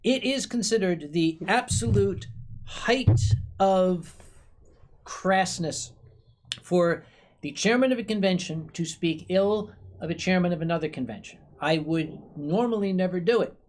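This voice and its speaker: Tipsy guy telling a long story on a stream, dry and rambly, keeps clearing his throat. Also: sits high, a little slow, slight background noise, rough recording. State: tipsy from drinking sake. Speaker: convention chairman and stream host. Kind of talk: casual storytelling chat.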